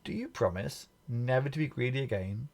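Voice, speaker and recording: Stern storybook giant with a thundering voice, gravelly and raised above the narration, as a man reading aloud puts him on. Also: medium pitch, lively intonation, moderate pace, darkish tone, pitched above the performer's own voice. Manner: thundering, bellowing. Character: huge booming stern male giant.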